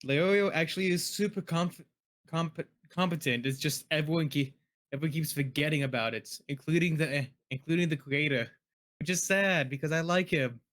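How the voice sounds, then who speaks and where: Fairly high-voiced man, halting and searching. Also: fairly bright tone. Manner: hesitant, restarts and searches for words. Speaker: tabletop game player. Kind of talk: casual chat before an online session. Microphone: computer mic on a voice call.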